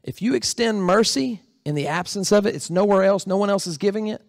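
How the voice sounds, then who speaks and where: A man preaches a sermon to his church congregation. He talks in a conversational way and often asks the room questions. His voice sits somewhat high for a man, and the sound is close and dry. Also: brisk, gravelly, no echo. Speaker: pastor. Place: church sanctuary.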